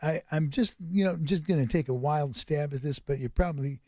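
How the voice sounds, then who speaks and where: Quick joking male radio host. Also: on the high side, dark tone, dry recording, clean studio sound. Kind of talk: radio talk show hosting. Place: radio studio.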